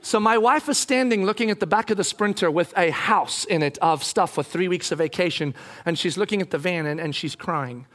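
High-voiced animated male preacher. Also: brisk. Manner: animated, jokey, acts out voices. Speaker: pastor. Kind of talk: sermon storytelling.

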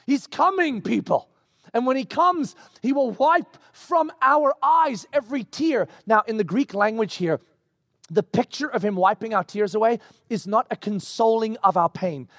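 A man preaching a sermon, animated and emphatic, slowing down to stress key words. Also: high-pitched, no room sound, clean studio sound. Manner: acts out scripture quotes in character voices.

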